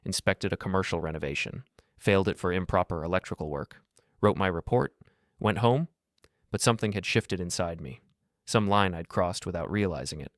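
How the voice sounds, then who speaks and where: A middle-aged man narrating a first-person revenge story in a cold, measured, deliberate way. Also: deep voice, dry recording, clean studio sound.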